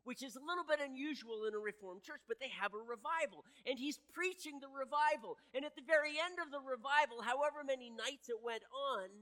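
A man's voice: very high-pitched, a little fast, few pauses, sharp tone. A man preaching a sermon earnestly, building in intensity and often restarting his sentences. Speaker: pastor. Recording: echoey hall with long reverb.

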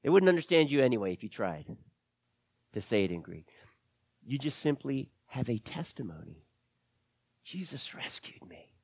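A man preaching a sermon, swinging between loud emphatic lines and hushed, near-whispered ones. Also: medium pitch, sing-song, moderate pace, gravelly, pauses often, slightly rough, no echo. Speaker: pastor.

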